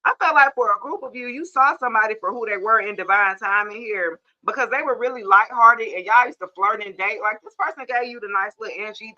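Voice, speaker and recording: A young woman reads tarot cards straight to camera, sassy and blunt, with quick laughing asides. Her voice is bright and sharp, and the sound is dull and lo-fi, like a phone mic. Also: mid-range voice. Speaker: tarot reader. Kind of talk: casual tarot reading to camera.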